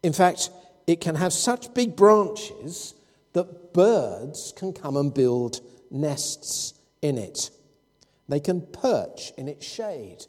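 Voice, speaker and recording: A man's voice: fairly high pitch, sing-song, very slow, a little mellow. A man preaching a sermon, explaining scripture and telling anecdotes with quoted dialogue. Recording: long hall reverb.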